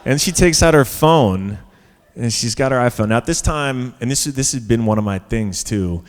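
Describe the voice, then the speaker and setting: A man appears as a panel guest on a conference stage before an audience, telling a story in a casual, chatty way full of fillers and restarts, laughing at his own tale. His medium-pitched voice has lively intonation at normal speed, with hall reverb from the live stage.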